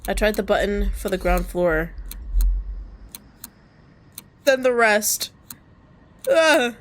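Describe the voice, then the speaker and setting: A woman streamer reading a visual novel aloud. She switches between calm narration and loud, laughing, cursing reactions. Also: mid-range voice, unhurried. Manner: expressive, jumps from calm reading to squealing and laughing; casual and cursing in asides. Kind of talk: reading game text aloud with live reactions.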